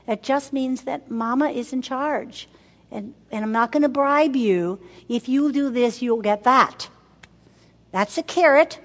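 Older woman teaching mothers in a hall. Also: high voice. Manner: emphatic, repeats words for effect, asks the audience questions. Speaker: women's ministry speaker. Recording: long hall reverb.

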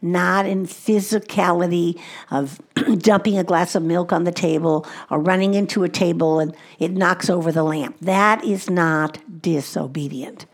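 A woman's voice: lowish voice, fairly even intonation, unhurried. A woman speaking at a conference, teaching mothers about Christian parenting in an earnest way and repeating her key points for emphasis.

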